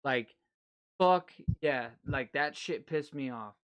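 A man's voice: medium pitch, takes it slowly, clean tone. A man hosting a casual podcast, telling stories with lots of swearing and acted-out quotes. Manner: animated, heavy swearing, acts out quotes. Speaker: podcast host.

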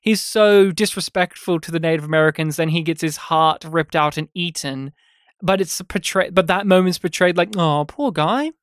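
Guy on a film podcast, smooth clear voice, dry close sound, animated and sweary. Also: fairly high pitch, moderate pace, no echo. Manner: animated, sweary, acts out scenes in quoted voices. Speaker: podcast co-host. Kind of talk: casual film review chat.

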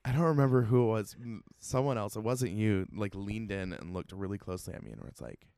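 A man's voice: fairly low pitch, steady tone, fairly quick, a little mellow, smooth, dry recording. A man hosting a podcast who chats casually and tells stories, laughing easily. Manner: chatty storyteller, laughs easily. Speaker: podcast host. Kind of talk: casual interview chat.

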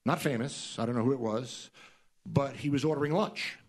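A male host doing a comedic monologue, riffing with animated exasperation. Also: mid-range voice, normal speed. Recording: live audience laughter.

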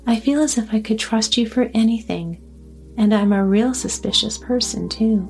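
A woman's voice: a little high, normal speed, gravelly, a little mellow, faint music behind. Woman reading as a chatty fussy grandmother. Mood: eager. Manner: talkative, anxious, earnest.

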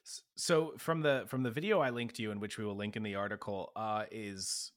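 A man co-hosting a podcast in casual chat, lively and quick to laugh. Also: on the low side. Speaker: podcast co-host.

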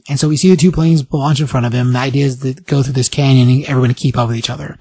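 Husky-voiced man animatedly recapping a comic. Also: medium pitch, rapid-fire, hardly any pauses, no room sound. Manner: animated storytelling, briefly acting out quoted lines. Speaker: podcast host. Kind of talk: casual comic book recap.

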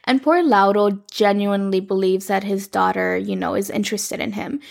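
A woman hosting a podcast, casually recapping a telenovela in a chatty, animated way, acting out lines as she goes. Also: mid-range voice, moderate pace, vocal fry. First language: Spanish. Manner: chatty, animated, acts out characters' lines in quotes.

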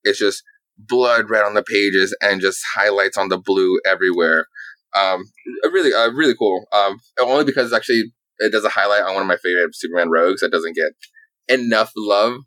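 Guy recapping comics in a rambly, sweary way, kinda low voice, bright and edgy tone. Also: normal speed, no room sound, low-quality recording. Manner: rambling and animated, lots of "like" fillers and swearing. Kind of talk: casual chat recapping comic books.

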